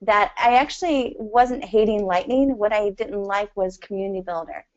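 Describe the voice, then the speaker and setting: A woman appears as a guest on a podcast, talking casually and ramblingly, dropping frequent "you know" fillers and laughing easily. Her voice is medium in pitch and darkish in tone, at a moderate pace, and the recording sounds lo-fi.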